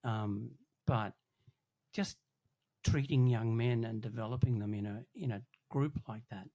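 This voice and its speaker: A man with a mid-range voice joins a relaxed podcast conversation. He speaks in a thoughtful, unhurried way and often backs the others up with short, agreeable replies. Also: medium pitch. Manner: agreeable, thoughtful, quick affirmations. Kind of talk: casual podcast chat.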